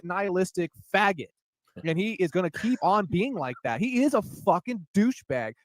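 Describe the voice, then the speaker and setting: A man's voice: high voice, lively intonation, moderate pace, no echo. A man in heated, casual chat, crude and mocking, swearing constantly.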